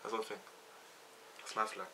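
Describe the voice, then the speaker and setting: A man's voice: normal speed, bright, forceful tone, far from the mic, slight background noise. A young man, chatting bluntly and offhandedly on a vlog. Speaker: vlogger. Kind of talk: casual chat.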